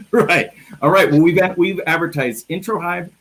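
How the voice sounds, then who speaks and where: A man's voice: high voice, moderate pace, a bit bright, low-quality recording. A man from the Midwest hosting a casual live interview over a video call, chatty and joking, often restarting his phrases. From American Midwest. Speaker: interview host.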